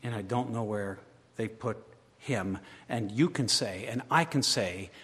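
A man's voice: fairly low pitch, measured pace. Impassioned male preacher in a reverberant hall. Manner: swings from quiet, hushed storytelling to loud impassioned crescendos. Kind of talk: sermon.

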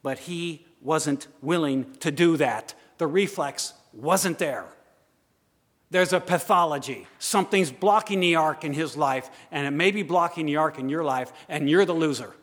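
A man preaching a sermon, swinging from loud urging to hushed asides. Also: fairly high pitch, a little slow. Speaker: pastor. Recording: long hall reverb.

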